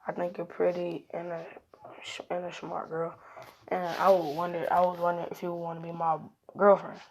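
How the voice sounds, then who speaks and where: A woman's voice: lowish voice, completely flat delivery, brisk, slight background noise, close to an everyday voice. A woman voicing a sincere young male ninja hero in a plainly read fan story, polite and earnest.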